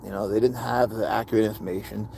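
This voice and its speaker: A man with a lowish, gravelly voice rants with anger and a lot of swearing in a casual livestream monologue. A faint hiss of noise sits under the recording. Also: fairly even intonation, fast, mellow. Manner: angry, profane ranting. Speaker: livestream host.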